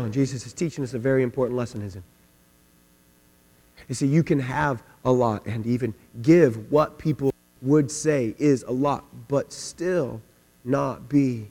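A male pastor preaching a sermon, telling stories and swinging from quiet asides to loud, emphatic questions. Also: mid-range voice, measured pace. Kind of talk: sermon with storytelling. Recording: long hall reverb with mains hum.

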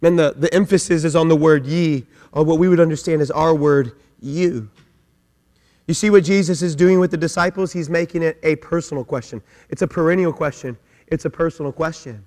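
A man preaching an emphatic sermon with heavy repetition, his voice rising to shouts. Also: on the high side, a little fast. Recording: long hall reverb.

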